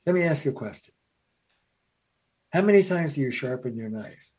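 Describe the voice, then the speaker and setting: A man voicing an old master cook who questions his pupil with calm bluntness. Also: mid-range voice, normal speed, lightly acted. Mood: teasing.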